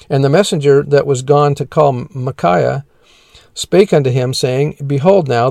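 Gravelly-voiced man reading scripture. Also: a little high, a little mellow, no room sound. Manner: measured, plain reading of old-fashioned scripture. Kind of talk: reading scripture aloud with commentary.

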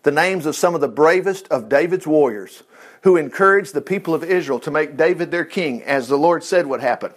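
A man reading the Bible aloud in an informal way, breaking in with excited exclamations and asides. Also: a little high, a little fast. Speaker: Bible teacher.

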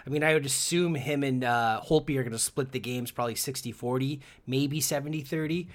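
A man's voice: mid-range voice, brisk. Man, podcast co-host, casual sports chat, chatty, lots of fillers.

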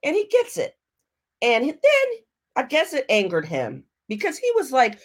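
Lively, animated woman podcast host. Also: high voice, moderate pace. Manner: animated, acts out quotes, laughs often. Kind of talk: casual storytelling monologue.

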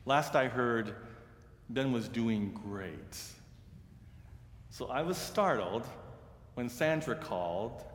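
A man's voice: medium pitch, expressive. Man preaching in an echoey hall. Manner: earnest, grows hushed and slow in sad parts. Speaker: pastor and seminary teacher. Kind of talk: storytelling sermon. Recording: reverberant hall with faint ambience.

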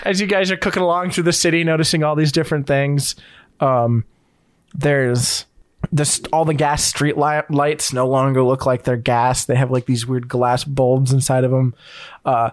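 A man's voice: medium pitch, fairly even intonation, normal speed, no room sound. A man running a tabletop game as game master, narrating loosely with lots of fillers and restarts. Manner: rambling, filler-heavy narration.

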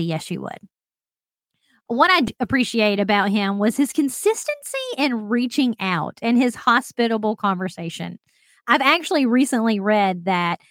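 A fairly high-voiced woman talks straight to her listeners in a solo podcast. Her manner is bubbly and chatty, and she laughs often. The sound is dry and close. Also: a bit bright, no echo. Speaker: podcast host.

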